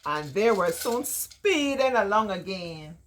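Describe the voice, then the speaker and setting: A woman's voice: medium pitch, lively intonation, slow. A middle-aged woman with a Barbadian accent reading a storybook aloud to children, playful and often laughing, with chatty dialect asides.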